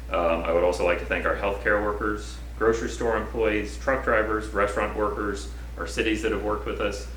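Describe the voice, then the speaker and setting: Low bright-voiced official man. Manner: formal, measured, thankful civic address. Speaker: county administrator. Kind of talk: prepared press briefing statement. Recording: echoey room with faint noise.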